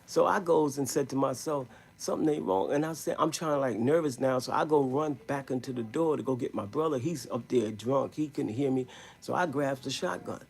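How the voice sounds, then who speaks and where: A man telling a rambling story in a live stream, in emphatic street slang, with a gravelly, husky voice. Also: mid-range voice, a little fast.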